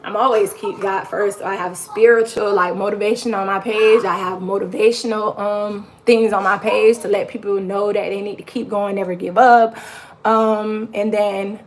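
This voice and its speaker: A woman's voice: mid-range voice, steady tone, normal speed. A woman, mother of four, talking casually on her livestream in a rambling, encouraging way full of "like" fillers. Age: adult mother of four. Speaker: YouTube live streamer.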